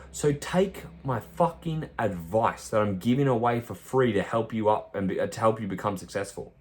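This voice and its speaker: Blunt, profane fitness coach. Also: male voice, mid-range voice, big pitch swings, normal speed, hardly any pauses. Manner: forceful, profane, lecturing. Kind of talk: blunt podcast monologue.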